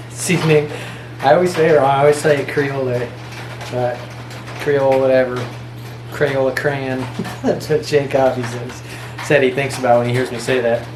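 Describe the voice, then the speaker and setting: A man's voice: medium pitch, background noise. Joking laid-back man, echoey outdoors. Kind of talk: casual outdoor chat. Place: outdoors by a fire pit in the rain.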